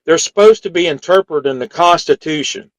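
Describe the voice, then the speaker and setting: Earnest male radio co-host, halting. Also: on the high side, low-quality recording. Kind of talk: talk radio commentary.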